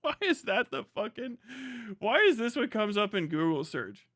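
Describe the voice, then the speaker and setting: A man's voice: high-pitched, moderate pace. A man streaming live, chatting casually, swearing constantly and laughing often. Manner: profane, excitable, laughs often.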